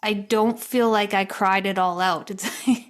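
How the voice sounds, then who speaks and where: A woman co-hosting a podcast, telling a personal story in a rambling, chatty way, full of "like" and quick laughs. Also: mid-range voice, steady tone. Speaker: podcast co-host. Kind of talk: casual storytelling chat.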